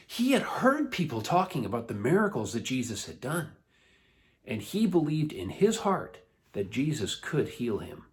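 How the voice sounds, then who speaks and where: A man leading children's church, telling a Bible story in a playful, animated way. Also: mid-range voice. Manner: animated, playful, laughs often.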